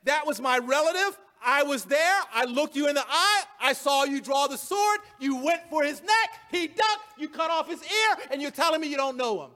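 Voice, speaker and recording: Indignant guy calling someone out, high bright voice, a preacher doing it. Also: animated, long reverb tail. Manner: indignant, rapid questioning. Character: accusing man confronting a denier.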